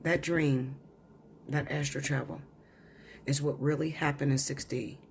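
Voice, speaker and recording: A woman's voice: deep voice, fairly even intonation, a little slow, a little hiss or hum. A woman tarot reader telling a long story in a blunt, profane, insistent way. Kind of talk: storytelling monologue.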